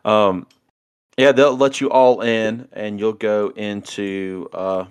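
A man's voice: fairly low pitch, fairly even intonation, takes it slowly, clean tone, dry recording. A man narrating a tabletop game as game master, hesitant and full of fillers.

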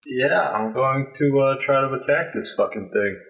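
A man playing a tabletop game, talking in a dry, deadpan, sweary way. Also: medium pitch, normal speed, highs cut off. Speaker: player. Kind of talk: casual tabletop game chat.

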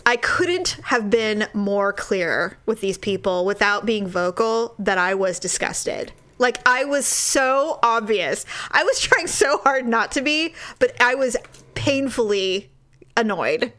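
A woman casually telling a story, exasperated and animated, acting out the people in it. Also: fairly high pitch, takes it slowly. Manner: animated, exasperated, acts out voices.

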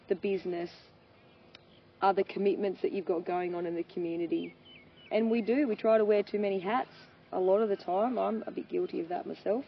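A woman, a farmer and mother speaking candidly as an interview guest, animated and laughing often as she acts out quoted voices. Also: medium pitch. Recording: dull lo-fi sound with faint noise.

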